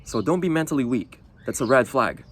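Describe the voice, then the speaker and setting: A man's voice: medium pitch, expressive, fairly quick, husky. A man talking bluntly to the camera in a casual monologue, swearing often and tagging lines with "you know". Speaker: vlogger.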